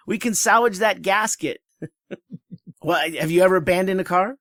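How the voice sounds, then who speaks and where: A man co-hosting a podcast chats loosely, laughs a lot and throws in quick jokes. His voice sits a little higher than most men's. The recording is dry and close. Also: fairly bright tone, dry recording. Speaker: podcast co-host. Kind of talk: casual chat.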